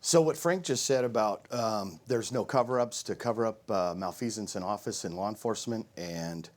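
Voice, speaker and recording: A man's voice: lowish voice, moderate pace. A man speaking in a political debate, making pointed, argumentative points about law enforcement. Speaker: sheriff candidate. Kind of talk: debate answer.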